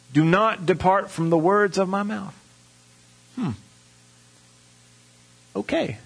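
A man preaching a sermon, telling a folksy personal story and acting out the voices of the people in it. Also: a little high.

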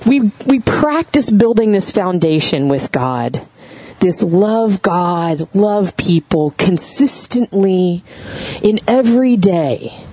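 A woman's voice: mid-range voice, slow, poor audio. Woman preaching a conversational sermon. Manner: conversational, animated storytelling with audience questions. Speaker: pastor.

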